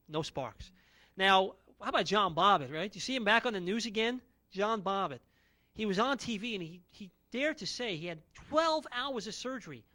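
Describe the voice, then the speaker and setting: A man's voice: high voice, pushed and bright. A man around forty performing a stand-up comedy routine with brash, punchy one-liners and no audience.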